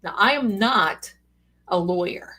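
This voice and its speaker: A woman's voice: medium pitch, slow, pushed and bright. A woman hosting a live stream as a psychic, talking casually with folksy, sassy asides. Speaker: psychic livestream host.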